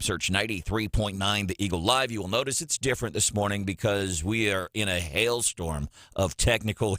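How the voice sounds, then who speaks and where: A man hosting a morning radio show in a studio, talking in a chatty, animated way and laughing often. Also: lowish voice, dry recording.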